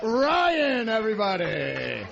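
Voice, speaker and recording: A man's voice: high voice, huge pitch swings, slow, gravelly, very noisy. A man emceeing a comedy contest on a radio show, brash and crude. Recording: muffled radio broadcast, live crowd.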